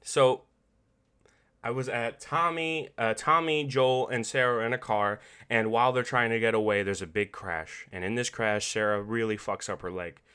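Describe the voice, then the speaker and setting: Bright, animated, profane male podcaster. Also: mid-range voice, moderate pace, clear, resonant tone. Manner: animated and profane, laughing often. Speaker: podcast host. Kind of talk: casual late-night game recap.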